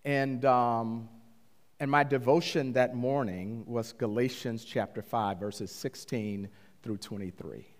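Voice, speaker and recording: A middle-aged man pastor telling a story in a sermon, animated and often climbing high when he retells conversations. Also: takes it slowly. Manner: animated, rising to excited high-pitched retellings. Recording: long hall reverb.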